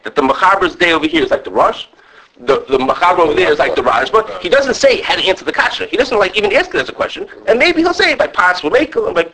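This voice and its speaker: A man with a high-pitched voice teaches an animated halachic class to students, talking quickly, restarting often and checking in with "okay." He mixes Hebrew and Yiddish terms into his English, and the audio quality is poor.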